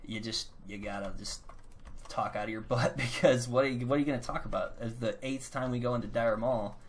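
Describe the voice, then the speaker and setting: A man's voice: mid-range voice, fairly quick. Rambling self-mocking gamer man. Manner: rambling, self-mocking, breaks into silly voices. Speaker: gaming channel host. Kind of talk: casual gameplay chat.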